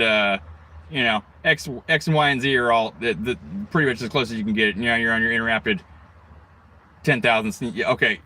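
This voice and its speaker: A middle-aged American man hosts a livestream, his medium-pitched voice bright and forceful. He rants in a rambling way, swearing heavily and jumping from tangent to tangent.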